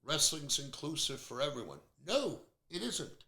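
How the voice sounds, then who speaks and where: A man's voice: a little high, big pitch swings, a little slow, sharp tone. A man in his fifties hosting a podcast, talking bluntly and airing strong opinions in a casual chat. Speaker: podcast host. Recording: roomy echo.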